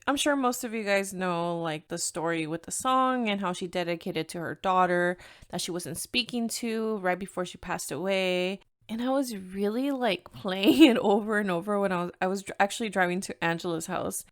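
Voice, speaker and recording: A woman's voice: mid-range voice, normal speed, few pauses. A young woman with a Mexican-American accent chats through her solo podcast, candid and easygoing. She drops Spanish into her English as it comes to her and laughs often along the way. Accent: Mexican-American English with Spanish code-switching. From United States, Mexican-American. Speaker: podcast host. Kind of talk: casual solo podcast chat.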